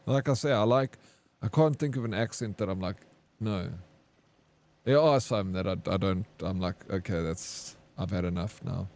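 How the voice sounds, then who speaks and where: A young South African man with a fairly low voice and a South African accent. He chats frankly and casually with his viewers during a game stream, swearing now and then and laughing easily. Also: normal speed, darkish tone.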